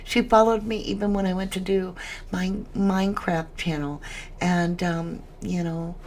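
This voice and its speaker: A woman's voice: on the low side, fairly even intonation, unhurried, a little mellow, a little hiss or hum. A woman hosting a casual livestream chat, emotional as she reads viewer comments aloud. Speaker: livestream host.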